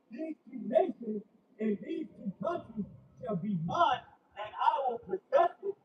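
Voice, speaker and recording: A man with a strikingly high voice delivers an emphatic sermon, reading scripture aloud. He keeps checking in with short "right?" and "okay?" asides and often breaks into shouts. The sound is distant and dull, like a lo-fi recording with faint noise behind it. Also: lively intonation, measured pace. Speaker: preacher.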